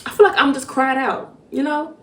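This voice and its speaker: A young woman hosts a podcast, talking through a personal story in a halting, emotional way with many restarts. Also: high voice, steady tone, a bit bright. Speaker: podcast host. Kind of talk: personal reflective monologue. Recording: roomy echo, mic at a distance.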